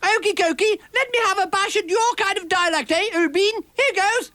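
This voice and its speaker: A cheerfully upper-class young man with a high, plummy drawl, put on by a man in a radio comedy sketch. He speaks in a bright, toffish voice with exaggerated vowels. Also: normal speed, no room sound. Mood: chummy.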